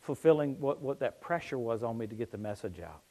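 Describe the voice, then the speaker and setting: A middle-aged man preaching a sermon, telling stories that swing from hushed tones to excited shouting. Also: mid-range voice, brisk.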